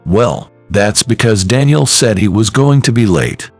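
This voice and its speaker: A man's voice: lowish voice, expressive, a little slow, dry recording, faint music behind. A man reading as a rattled, arrogant sales boss. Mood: defensive. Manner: faltering, nervous. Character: arrogant male sales department head, rattled.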